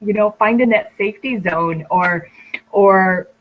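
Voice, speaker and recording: A woman's voice: mid-range voice, a little slow, narrow, tinny audio, a little hiss or hum. A woman hosting a casual podcast chat, encouraging her guest with frequent "right?" and "you know". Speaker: podcast host.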